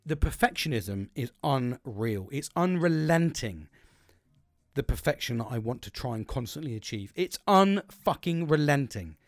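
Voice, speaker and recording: A man's voice: mid-range voice, expressive, moderate pace, dry recording, studio quality. A man talking candidly as a livestream host, rambling, swearing heavily and laughing often as he gives motivational chat.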